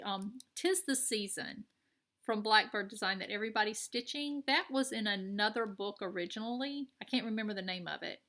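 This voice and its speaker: A woman with a Southern American accent, a cross-stitch vlogger, chats casually and enthusiastically as she shows off her craft purchases. Her medium-pitched voice is gravelly, pushed and bright.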